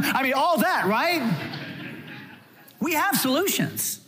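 A man preaching a sermon as pastor, lively and animated, acting out quoted voices along the way. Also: very high-pitched, slow pace, long pauses, a little hiss or hum.

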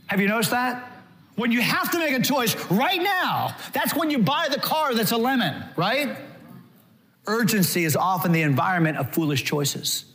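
A male pastor preaching a sermon in an animated way, acting out quotes as he goes. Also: high-pitched.

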